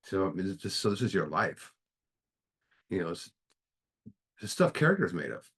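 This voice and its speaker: Deep-voiced man leading a recovery study, earnest and plain-spoken, emphatic. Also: sing-song, moderate pace, a bit bright, breathy edge. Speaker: speaker at a recovery book study. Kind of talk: recovery meeting talk.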